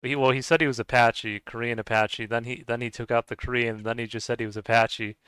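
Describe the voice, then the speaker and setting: A man's voice: mid-range voice, little pitch movement, fast, a bit bright, clean tone, no room sound. A man streaming a game and chatting casually with viewers, rambling and hesitant with lots of fillers and restarts, chuckling often. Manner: chuckles often while talking. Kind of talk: casual chat while playing.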